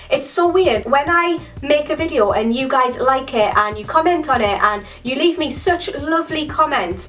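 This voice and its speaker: A woman's voice: on the high side, a bit bright, far from the mic. A young woman chatting enthusiastically to camera in a beauty Q&A vlog, full of "like" and "so crazy.". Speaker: beauty vlogger. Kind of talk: casual Q&A chat to camera.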